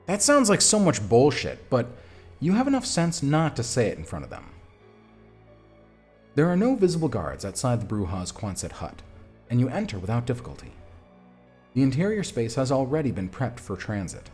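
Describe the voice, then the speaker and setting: A man streaming a text adventure game, reading the story aloud and chatting casually about his choices in a lively, self-mocking way. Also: mid-range voice, moderate pace, soft background music.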